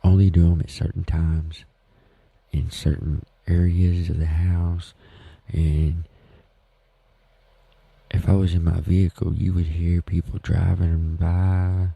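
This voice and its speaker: Slow, gravelly Southern-accented man. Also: low-pitched, little pitch movement, no echo, lo-fi sound. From Southern United States. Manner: rambling, folksy, self-deprecating. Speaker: podcast host. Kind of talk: casual solo podcast talk. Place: home.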